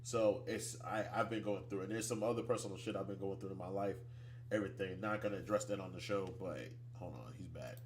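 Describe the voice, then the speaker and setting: Soft-spoken grieving man, lowish voice. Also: fairly even intonation, a little fast, background noise. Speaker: podcast host. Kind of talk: casual podcast talk.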